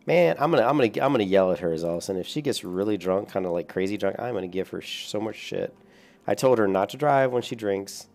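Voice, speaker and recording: This gaming streamer, a young adult man, speaks fast and animatedly in a fairly low, slightly mellow voice. Chatting casually with viewers as he plays, he rambles, chuckles, and swears lightly.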